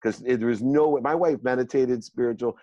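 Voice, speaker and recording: A middle-aged man, a guest on an interview show, telling his life story in an animated, self-mocking way and acting out the dialogue. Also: mid-range voice, brisk, dry recording. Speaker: guest entrepreneur. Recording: dull lo-fi dry sound.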